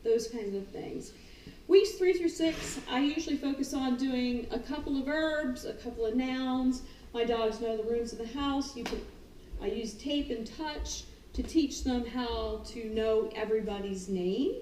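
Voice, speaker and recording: High-voiced woman in a roomy space. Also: unhurried, a little hiss or hum. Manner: animated, acts out excited calls and the dogs' thoughts. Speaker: dog trainer. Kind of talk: casual talk on dog training. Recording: roomy, distant mic, faint ambience.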